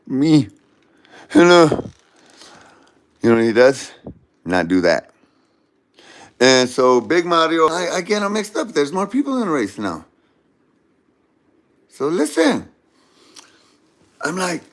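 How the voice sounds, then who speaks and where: A man's voice: a little high, sing-song, measured pace, pauses often, a bit bright. A man telling a comedic story in a rambling way, mixing up names and correcting himself as he goes.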